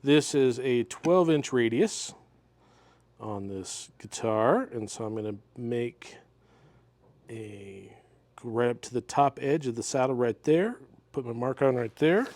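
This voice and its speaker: A man talking through a guitar repair step by step in his workshop, relaxed and methodical as he works with his hands. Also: medium pitch, measured pace, no echo. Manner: relaxed, methodical, talks while working with hands. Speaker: luthier demonstrating a repair.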